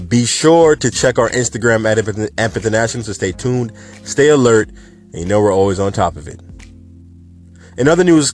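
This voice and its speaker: A man hosting a casual cannabis news show, talking in an animated, chatty and emphatic way. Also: on the low side.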